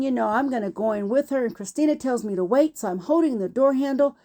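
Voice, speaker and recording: A woman in her fifties telling a personal childhood story in an animated way, acting out what people said. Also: sits high, a little fast, few pauses. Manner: animated, acts out quotes.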